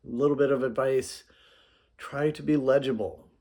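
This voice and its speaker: A man teaching a pronunciation spelling method in a relaxed, explanatory way, with fillers and asides. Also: medium pitch, moderate pace. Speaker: instructor. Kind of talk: casual screen-recorded lesson.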